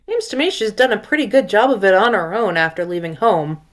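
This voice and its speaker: A woman's voice: mid-range voice, lively intonation, brisk, lightly acted. A woman voicing a sour male adventurer who grumbles in a dry, sardonic way.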